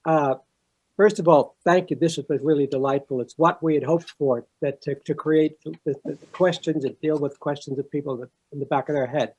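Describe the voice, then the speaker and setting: A man speaks over a video call as committee chair. He sounds earnest, with a slightly high voice, as he thanks the guest and announces plans for new events. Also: steady tone, moderate pace, a little mellow, breathy edge, dull audio. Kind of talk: closing remarks at an online event.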